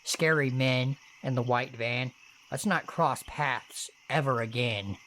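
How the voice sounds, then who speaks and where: A man narrating true horror stories in first person, with steady, earnest delivery and casual swearing. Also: mid-range voice, takes it slowly, slight background noise.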